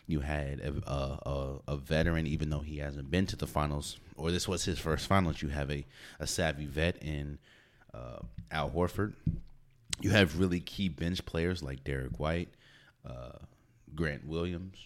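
A man's voice: a bass voice, unhurried. A man hosting a solo sports podcast, talking casually and stopping to repeat words as he restarts. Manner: animated, repeats words when restarting, laughs often. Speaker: podcast host. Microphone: podcast mic.

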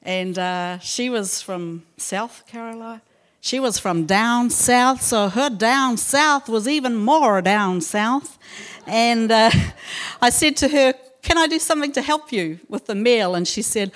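A woman speaking at church, reading scripture and then telling a personal mission story with gentle humour. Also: on the high side, takes it slowly. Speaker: church speaker sharing a testimony. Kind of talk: devotional talk and personal story.

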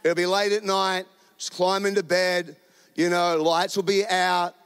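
A man's voice: high voice, level tone, unhurried, vocal fry, fairly bright tone, smooth, in a large hall. A man with a New Zealand accent preaching a sermon in a church, speaking into a handheld microphone, conversational and joking. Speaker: pastor. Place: church auditorium.

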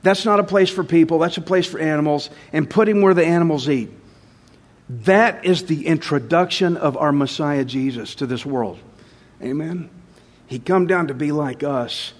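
Guy preaching a sermon, pretty high voice, gets loud then drops way down quiet, drags out the key words. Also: moderate pace. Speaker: pastor.

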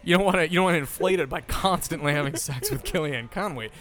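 A man co-hosting a casual podcast recorded in a bar, riffing crude, deadpan jokes. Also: fairly high pitch, quick pace. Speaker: podcast co-host.

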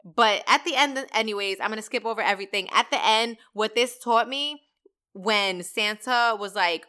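A woman hosting her own podcast, ranting in a casual, animated way with lots of slang and swearing. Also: on the high side. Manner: animated, slangy and profane, talks fast. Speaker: podcast host. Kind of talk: casual solo podcast rant.

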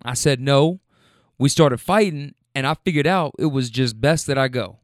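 A man's voice: mid-range voice, normal speed, dry recording, studio quality, lightly acted. A man voicing a weary grown man who answers in plain, clipped street talk. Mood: matter-of-fact. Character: weary grown man leaving a bad living situation.

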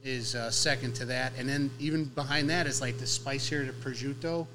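A man's voice: mid-range voice, fairly even intonation, normal speed, noisy background. Chatty man explaining food in detail. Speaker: sandwich shop owner. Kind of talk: casual conversation. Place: inside his shop.

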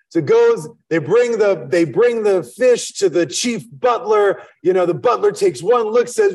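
A man's voice: sits high, animated, moderate pace, a little mellow, far from the mic. A man giving a sermon as rabbi, telling a parable and acting out its characters, then teaching with rhetorical questions. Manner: storytelling, acts out characters in the tale, asks rhetorical questions.

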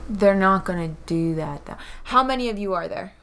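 A woman's voice: medium pitch, expressive, normal speed, creaky, fairly bright tone. A woman playing a character in a tabletop role-playing game, talking bluntly and with determination. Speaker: player.

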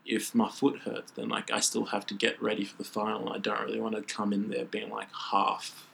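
A man's voice: lowish voice, a little fast, vocal fry, low-quality recording. A young man, a triple jumper, telling a story casually in an interview, saying "like" constantly. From Australia. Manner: animated, says "like" constantly.

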